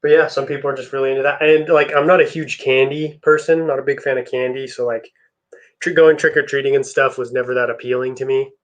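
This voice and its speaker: A man's voice: mid-range voice, fast. A young man hosting a live stream, chatting casually with viewers while he builds. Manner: relaxed, chatty, answers chat messages.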